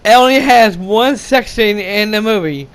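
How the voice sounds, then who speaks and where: A young movie reviewer with a high, clean-toned voice rambles through a casual film rant at a moderate pace. He swears a lot, stumbles and restarts his sentences, laughs, and shouts out quoted lines.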